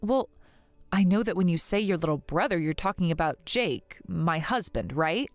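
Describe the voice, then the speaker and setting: A woman voicing a grieving young wife in an animated story drama who talks in an earnest, pleading, wounded way. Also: fairly low pitch, normal speed, no room sound, soft background music. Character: grieving young wife hurt by her in-laws.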